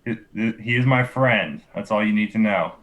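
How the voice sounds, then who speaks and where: Low-voiced man playing a tabletop game. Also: normal speed, highs cut off, very noisy. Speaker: player.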